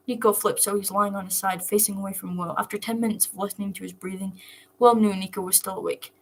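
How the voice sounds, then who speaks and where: A woman narrating a fan fiction story aloud. Her voice is breathy and soft, at an ordinary pitch. She reads in a steady, even way. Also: fast talker, low-quality recording.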